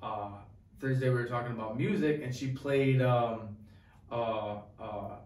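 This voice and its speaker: A young man co-hosting a podcast, rambling through a profane, excited story in casual chat. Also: mid-range voice, unhurried. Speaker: podcast co-host. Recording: echoey room, distant mic.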